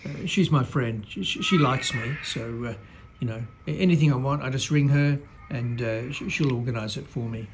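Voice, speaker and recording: A blustering, self-praising president rambles on and repeats himself, as a man puts on the voice. His voice sits at an ordinary male pitch, over a faint hiss. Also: moderate pace, few pauses, lightly acted. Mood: bragging. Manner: rambling, repetitive bragging.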